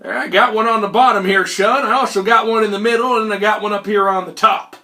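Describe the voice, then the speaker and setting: A man's voice: high-pitched, fairly even intonation, brisk, pushed and bright, voice pushed up. A man voicing an old male street card hustler who drawls folksy lines and calls the listener boy and son. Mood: sly, folksy.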